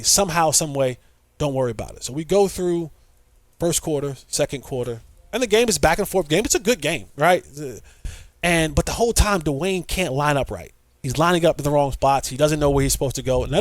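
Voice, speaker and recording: A middle-aged man with a fairly high voice tells a story with rising excitement, acting out what others said and tripping over repeated words. The sound is dry and close, with almost no room around it. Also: no echo. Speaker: podcast guest, former player. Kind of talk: animated storytelling.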